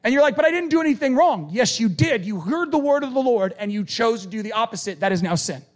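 A male preacher giving a conversational, animated sermon and acting out quoted lines. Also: high voice, quick pace.

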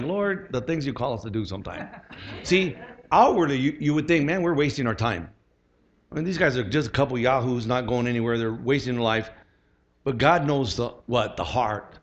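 A man's voice: mid-range voice, muffled recording. A middle-aged man giving a sermon as a pastor, earnest and conversational, with lots of fillers and restarts.

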